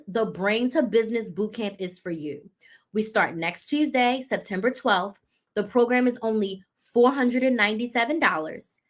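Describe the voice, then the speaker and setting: A fairly high-voiced woman talks straight to her viewers on a live stream. She coaches and sells with emphatic, punchy rhetorical questions, driving her points home by repeating them. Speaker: business coach.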